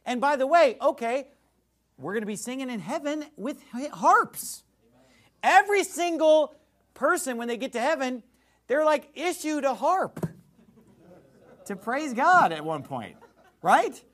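A man's voice: very high voice, big pitch swings, measured pace, pauses often, fairly bright tone. A man preaching a sermon as pastor, fiery and emphatic, mocking what he thinks is foolish doctrine.

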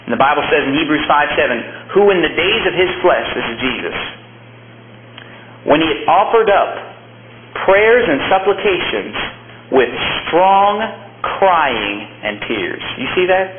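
A man's voice: fairly high pitch, animated, measured pace. A man preaching a fiery sermon as pastor, emphatic, his voice jumping up to stress points. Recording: tinny, noisy, echoey church audio.

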